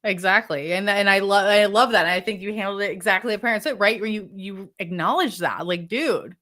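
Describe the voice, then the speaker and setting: A woman's voice: mid-range voice, brisk, bright, forceful tone. A woman guest coach giving parenting advice in a casual, upbeat way, with lots of "like". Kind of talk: conversational interview.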